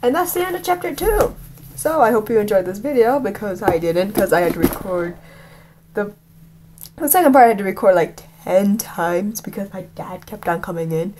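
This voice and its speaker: Chatty female book reader with a lively pitch and casual, mocking asides. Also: moderate pace, a little hiss or hum. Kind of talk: reading a novel aloud with asides.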